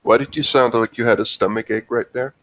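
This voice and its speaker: A man's voice: mid-range voice, steady tone, a little fast, a bit bright, no echo, low-quality recording. A man playing a tabletop game, talking in a casual, offhand and joking way. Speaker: player.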